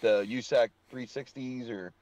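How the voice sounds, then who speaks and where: A man's voice: medium pitch, steady tone, unhurried, a little mellow, dry recording, muffled recording. Swearing, laughing young man telling stories. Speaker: podcast guest, dirt track racer. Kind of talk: casual podcast chat.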